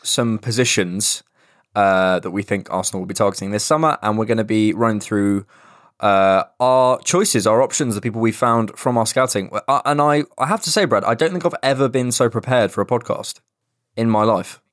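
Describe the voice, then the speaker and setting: A young man rambles through casual podcast chat, swearing now and then. His voice sits low. The sound is dry and close, with no room echo. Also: normal speed. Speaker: podcast co-host.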